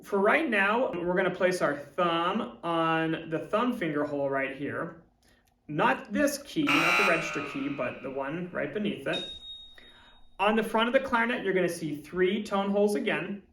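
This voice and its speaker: A man's voice: high voice, moderate pace, fairly bright tone, far from the mic, a little hiss or hum. A man, a music teacher, explaining step by step in an instructional video lesson. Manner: clear step-by-step demonstrating. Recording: roomy echo, from off-mic.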